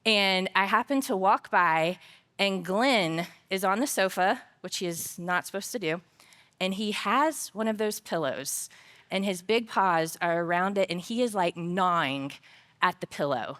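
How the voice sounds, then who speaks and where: Speaking at a measured pace in a mid-range voice, a woman addresses a conference from the stage. She tells funny, lively anecdotes from her own life in a faith-based talk about work, growing earnest and reflective when she reaches the lesson.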